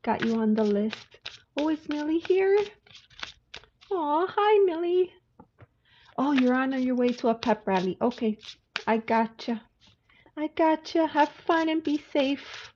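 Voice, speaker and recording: Slow-talking woman greeting livestream viewers. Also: sits high, lively intonation, mellow. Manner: chatty, greets viewers by name. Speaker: livestream tarot reader. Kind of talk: casual livestream chat. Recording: dull lo-fi audio with faint hiss.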